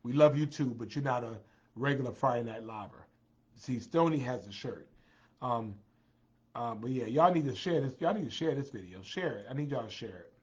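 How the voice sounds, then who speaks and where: A tired man chats on a livestream at a mid pitch and thanks viewers one by one. He leans on repetition, circling back to the same few phrases. The audio is dull and lo-fi. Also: lively intonation, brisk, slightly rough. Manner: greets viewers by name, repeats phrases. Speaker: livestream host. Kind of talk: casual livestream chat.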